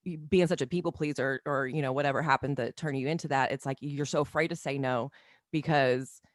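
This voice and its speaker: A woman guest in an interview, speaking earnestly and haltingly, with many pauses and fillers. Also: a bass voice, steady tone, no room sound, clean studio sound. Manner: earnest, halting, full of you-knows. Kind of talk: candid interview talk.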